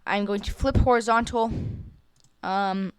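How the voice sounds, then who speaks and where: Young woman, tutorial voice-over, smooth clear tone, dry close sound, casual, lots of ums. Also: mid-range voice, fairly even intonation, measured pace, dry recording. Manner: casual, hesitant, many fillers and self-corrections. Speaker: tutorial creator. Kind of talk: screen-recorded software tutorial.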